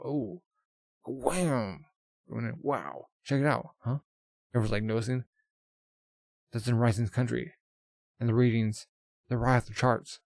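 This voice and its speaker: A man's voice: mid-range voice, measured pace, vocal fry, long pauses, darkish tone, no room sound. A man reading a manga aloud, narrating casually with jokey asides and spoken sound effects. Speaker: manga reader.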